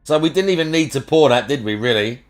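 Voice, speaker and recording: A man's voice: mid-range voice, expressive, fast talker. A man chatting casually on a live stream, crude and sweary, teasing his cat and ranting between plays.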